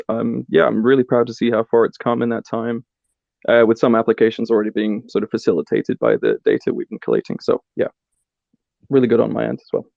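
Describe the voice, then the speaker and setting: Gravelly guy, plain modest intro, dull muffled mic, dry sound. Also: medium pitch, a little mellow, no echo. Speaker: software engineer guest. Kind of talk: brief self-introduction.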